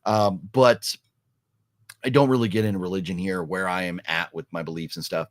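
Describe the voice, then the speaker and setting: A man's voice: low-pitched, steady tone, moderate pace, no echo, clean studio sound. A man talking casually on a live stream, rambling with lots of fillers and restarts as he answers chat. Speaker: vlogger reading live chat.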